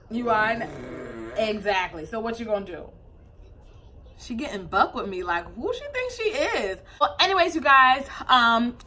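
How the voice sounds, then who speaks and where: A young woman vlogging as a new mom, chatting casually to camera with a loose, animated flow and many fillers. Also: a little high.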